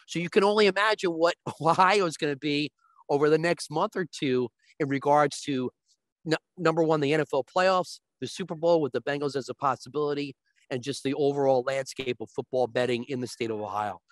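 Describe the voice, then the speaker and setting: A man's voice: fairly high pitch, brisk, no room sound. A man as a guest, explaining sports betting in casual chat with long, restarting sentences.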